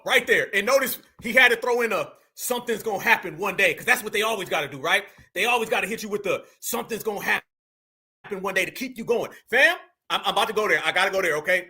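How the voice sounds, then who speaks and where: A man with a very high, ringing bright voice reacts to clips in loose, slangy commentary. He sounds incredulous and swears freely. His delivery stays animated throughout. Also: quick pace, breathy edge. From United States. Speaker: show host.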